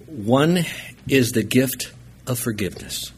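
A man's voice: mid-range voice, takes it slowly, slight background noise. A man preaching, telling a story from the pulpit and acting out the people in it. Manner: animated storyteller acting out voices. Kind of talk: sermon storytelling.

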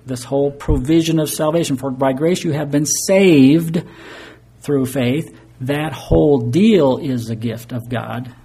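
A man's voice: a little high, dark tone, slightly rough. A man preaching an earnest, explanatory sermon, sometimes stumbling into fillers and restarts. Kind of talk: sermon teaching.

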